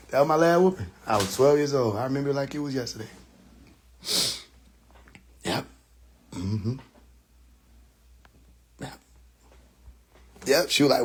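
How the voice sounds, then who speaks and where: A man telling a story on a live stream in a loose, animated way, swearing freely, laughing often and making sound effects. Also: a little high, husky.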